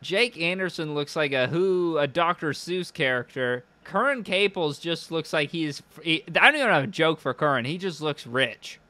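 Bright-voiced young man, profane and sardonic. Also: fairly high pitch, lively intonation, moderate pace, hardly any pauses, no echo. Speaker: streamer. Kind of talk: casual stream commentary.

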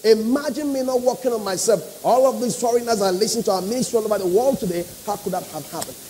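A man's voice: sits high, fast, dark tone, slight background noise, rough recording. A man with a Nigerian English accent preaching a sermon, emphatic and repetitive, calling out to the congregation. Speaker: pastor.

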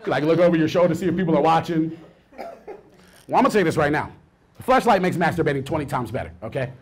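A man in his thirties working a stand-up set, his voice sitting high and leaping all over the place. He drops into low muttered asides, then bursts out loud. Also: fast. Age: 30s. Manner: animated, swings between mumbled asides and loud outbursts. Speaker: stand-up comedian.

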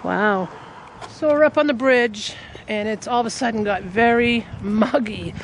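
Woman vlogger, chatty and easily excited, fairly high voice, traffic noise behind her outdoors. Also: a little slow, rough recording. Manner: excitable, exclaims often. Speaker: nature vlogger. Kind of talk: casual outdoor vlog narration. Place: outdoors by a river and roadside.

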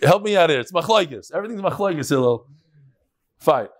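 Animated man teaching a Talmud class. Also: on the high side, moderate pace. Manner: lively, joking, mixes Hebrew and Aramaic terms. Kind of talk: live daily Talmud lecture.

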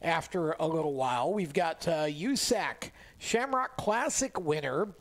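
A man with a fairly high voice hosts a racing talk show from a radio studio. He chats loosely, pausing on fillers and restarting his sentences as he goes. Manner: relaxed, chatty, many fillers and restarts. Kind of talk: casual motorsport radio talk.

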